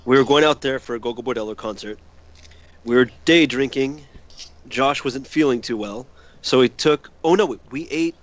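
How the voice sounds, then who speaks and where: A man's voice: medium pitch, moderate pace. Lo-fi man telling a rowdy story. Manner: animated storyteller, swears, acts out quotes. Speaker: podcast co-host. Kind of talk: casual storytelling chat. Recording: dull lo-fi sound with faint noise.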